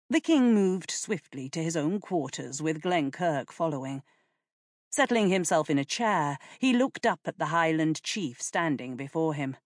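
A woman narrating an audiobook in an expressive, deliberate manner. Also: low-pitched, dry recording, studio quality. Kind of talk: audiobook reading.

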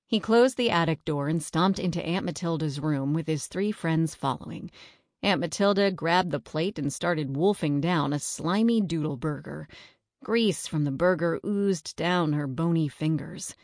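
A woman reading a children's storybook aloud in an even, steady manner. Her voice sits low for a woman. The recording is dry and close with no room sound. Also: a little slow, dry recording. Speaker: narrator.

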